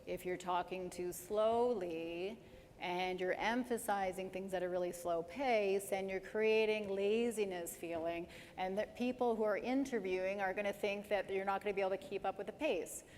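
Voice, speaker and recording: A woman giving a live career presentation to an audience, lively and emphatic, speeding up and slowing down to demonstrate points. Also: medium pitch. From Canada. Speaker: presenter at a dental career talk. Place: large hall with an audience. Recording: hall reverb, faint background noise.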